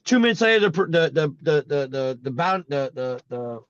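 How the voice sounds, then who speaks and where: A man with a high voice tells a personal story in a casual faith chat, animated and acting out each quote as he goes. The recording is dry and a little dull. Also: normal speed, clear, resonant tone, no room sound. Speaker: host.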